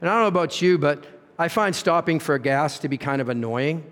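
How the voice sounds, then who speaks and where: A man's voice: a little high, expressive, fairly quick, fairly bright tone. A man preaching a sermon as pastor, earnest, with rhetorical questions and swings in emphasis. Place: church sanctuary. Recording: reverberant church hall.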